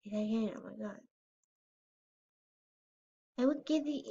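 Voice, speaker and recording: A woman's voice: fairly high pitch, unhurried, gravelly, pauses often, dark tone, husky, lo-fi sound. A female voice giving casual, rambling commentary while playing a game, often unsure of herself and squealing over cute items. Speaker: gamer showing her game house.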